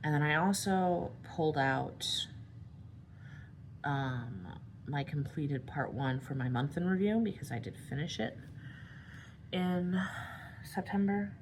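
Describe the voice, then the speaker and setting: A young adult woman chatting casually while she crafts, tired and rambling, with yawns and soft asides. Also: low voice, slow, pauses often, slight background noise. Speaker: crafting vlogger.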